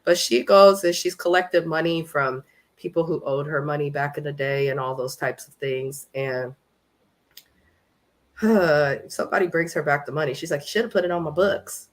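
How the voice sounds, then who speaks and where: A woman's voice: sits low, fairly even intonation, moderate pace. A woman from California hosting a casual live recap of a reality show, talking in a blunt, profane and opinionated way.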